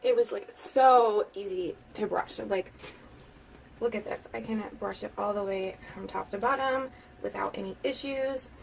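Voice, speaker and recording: A woman's voice: medium pitch, unhurried. A woman vlogger giving a casual hair tutorial, chatty and giggly, saying "like" often. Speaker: beauty vlogger. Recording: distant mic with clear background noise.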